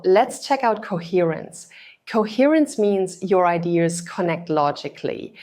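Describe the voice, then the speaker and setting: A woman giving a scripted English exam lesson, speaking clearly and deliberately and over-articulating the example words. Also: fairly low pitch, a little mellow. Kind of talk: scripted instructional narration.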